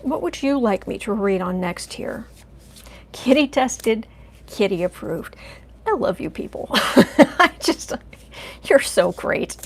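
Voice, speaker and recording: Woman, higher voice with gravel, rambling live-stream tarot host, casual chat. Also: lively intonation, takes it slowly. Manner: chatty, rambling, coos softly to her cat. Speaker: tarot reader, channel host.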